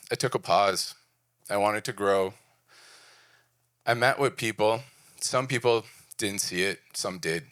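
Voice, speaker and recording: His voice sits low with a fairly bright tone, captured in studio quality without any room sound. He's a man in his forties from Prince Edward Island, Canada, sharing a candid, self-deprecating personal story in short, punchy phrases at a design event venue.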